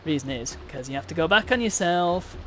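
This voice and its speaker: A man's voice: fairly high pitch, animated, brisk, faint music behind. A man giving chatty, self-mocking commentary while streaming a game.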